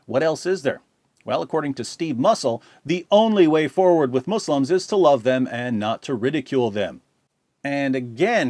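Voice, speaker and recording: Middle-aged male host, sarcastic and combative, lively pitch, dry close sound. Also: no echo. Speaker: channel host. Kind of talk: commentary reading viewer comments.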